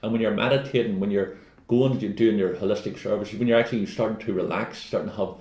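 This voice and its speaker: A man's voice: fairly low pitch, fairly even intonation, fast, a little mellow. A man co-hosting a casual wellness chat, rambling and jokey as he gives advice. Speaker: co-host. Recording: echoey room.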